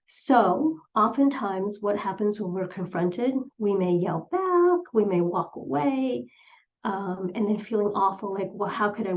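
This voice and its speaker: A middle-aged woman psychologist giving an earnest presentation, retelling patient stories with quoted voices. Her voice sits at a middling pitch. The recording sounds slightly dull and lo-fi. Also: darkish tone. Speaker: clinical psychologist speaker. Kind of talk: presentation talk.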